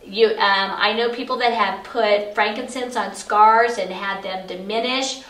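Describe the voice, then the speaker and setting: Her voice is mid-range, steady, a bit bright and a little slow as she teaches about essential oils. The middle-aged woman's explanations are chatty and filler-heavy, captured in an echoey office far from the mic.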